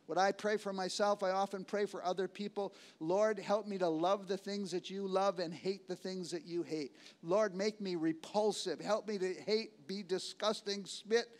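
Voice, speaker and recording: Pastor, male, high voice, emphatic repeating sermon delivery. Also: fairly even intonation. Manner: slows for key words, swings between loud and hushed.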